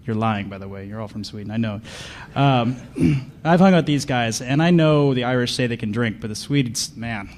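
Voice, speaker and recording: A man's voice: mid-range voice, moderate pace, a little mellow. A man speaking on a conference panel, delivering a comedic live talk with sarcastic, mock-paranoid riffs and questions thrown at the audience. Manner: sarcastic, riffing, asks the crowd questions.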